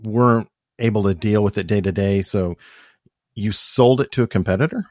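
A man's voice: on the low side, moderate pace, a little mellow, dry recording, studio quality. Man interviewing, short questions. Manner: brief questions and backchannel.

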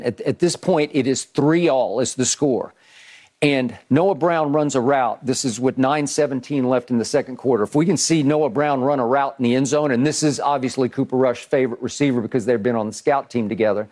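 A man's voice: medium pitch, a little mellow. A man hosting a sports talk show, breaking down football plays with emphatic repetition and rhetorical questions. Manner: emphatic, repeats words at starts, rhetorical questions. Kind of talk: animated football analysis chat.

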